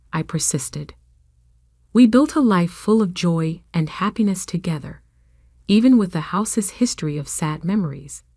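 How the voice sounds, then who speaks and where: A woman narrating a first-person family drama story in an even, steady storytelling delivery. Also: on the low side, no room sound, studio quality.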